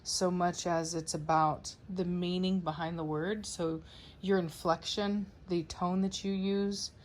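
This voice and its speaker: A woman's voice: lowish voice, flat delivery, unhurried, slight background noise. A woman dog breeder and trainer talking casually to her viewers in a chatty, rambling way. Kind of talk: casual vlog talk to viewers.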